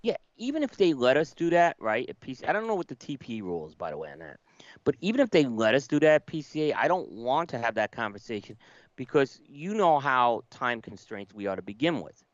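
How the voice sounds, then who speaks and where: A man's voice: medium pitch, very animated, a little fast, no echo. Man talking over a dull, lo-fi mic. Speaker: podcast co-host. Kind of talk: casual chat. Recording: dull lo-fi sound.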